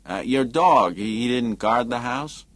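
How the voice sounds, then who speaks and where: A man's voice: mid-range voice, expressive, unhurried, a bit bright, no echo. A man voicing an earnest, good-humored, moralizing man who protests mildly, in an audiobook. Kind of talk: audiobook character reading.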